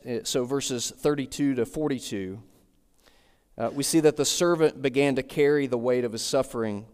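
A man's voice: medium pitch, darkish tone, clean tone. A man preaching an expository sermon, walking through a text verse by verse and circling back with repeated phrases. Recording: long hall reverb.

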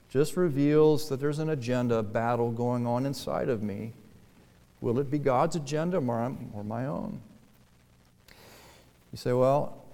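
A man's voice: medium pitch, dark tone. Preaching man in a reverberant hall. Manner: conversational preaching that builds to emphatic, raised delivery. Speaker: pastor. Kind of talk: sermon.

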